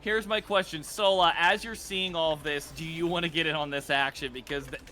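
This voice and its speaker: High bright-voiced guy running a tabletop game as dm, excitable, swears a lot, voice chat. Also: brisk, slight background noise. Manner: excitable, swears, acts out guards' shouts. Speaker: dungeon master.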